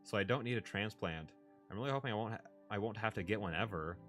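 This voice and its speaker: A man reading as a young adult brother with a low-pitched voice who speaks quickly and apologetically, often with a laugh. Faint music plays in the background. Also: fairly bright tone, natural voice. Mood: surprised.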